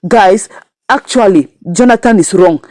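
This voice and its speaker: A woman's voice: mid-range voice, lively intonation, a little slow, mellow, dry recording. A woman retelling a comedy episode and giving her verdict to viewers in a casual, moralizing way. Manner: moralizing, addresses viewers directly. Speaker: show reviewer.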